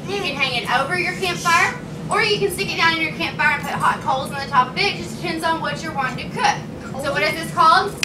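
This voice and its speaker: A woman's voice: extremely high pitch, fast talker. A woman teacher with a Southern American accent, drilling a class of children with upbeat, encouraging questions. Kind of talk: classroom quiz lesson for children. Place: busy school room full of children. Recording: roomy and distant, loud children and noise.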